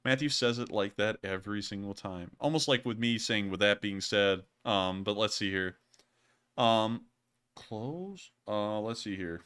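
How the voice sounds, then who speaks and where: A man's voice: lowish voice, unhurried, a bit bright, clean tone. A man hosting a casual livestream, answering viewer comments in a rambling way with lots of fillers and chuckles. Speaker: livestream host.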